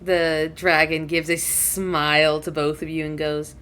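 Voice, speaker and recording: A woman's voice: sits low, little pitch movement, a little slow, fairly bright tone, clear, resonant tone. A woman narrating as game master in a chatty way, laughing often.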